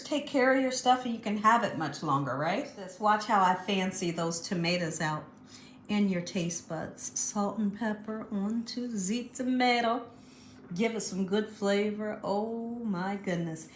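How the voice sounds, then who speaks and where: A woman's voice: medium pitch, a bit bright, echoey room. A middle-aged woman hosting a home cooking show, chatty and enthusiastic, talking straight to her viewers. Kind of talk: casual home cooking demonstration. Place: home kitchen.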